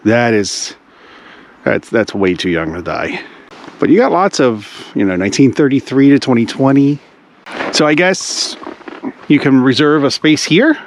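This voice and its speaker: A man's voice: mid-range voice, animated, unhurried, a little hiss or hum, rough recording. Man musing aloud on a walk. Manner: rambling, musing aloud, lots of "like". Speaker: travel vlogger. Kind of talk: casual walking vlog. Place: snowy cemetery outdoors in winter.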